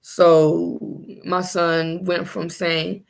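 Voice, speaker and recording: A young woman telling her own story as a mother in a personal vlog, halting and searching for her words. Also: on the low side, steady tone, creaky.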